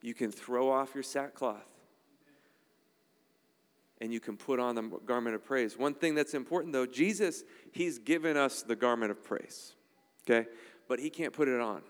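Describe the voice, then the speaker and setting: A man's voice: medium pitch, moderate pace, smooth. Emphatic male pastor in a reverberant hall. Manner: emphatic, conversational preaching with frequent "all right?" asides. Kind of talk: sermon.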